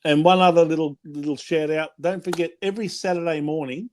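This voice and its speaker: A man's voice: a little high, steady tone, brisk. A man with an Australian accent co-hosting a casual sports fan show, chatty and jokey, patiently spelling out details for listeners. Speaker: podcast co-host. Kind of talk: casual fan chat, promos.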